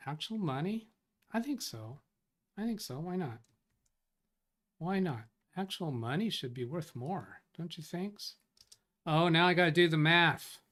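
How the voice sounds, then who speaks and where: Reading viewer comments on his tech support live stream, a man thinks aloud, rambles, and corrects himself in a casual way. His voice is a little high, a bit bright, and animated, at a measured pace with long pauses.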